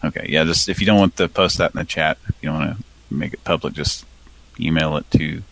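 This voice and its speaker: Deep gravelly man chatting on a stream. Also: steady tone, fast talker, fairly bright tone, dry recording. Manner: rambling, with many fillers and restarts. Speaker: co-host of a live prank-call stream. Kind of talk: casual live-stream chat.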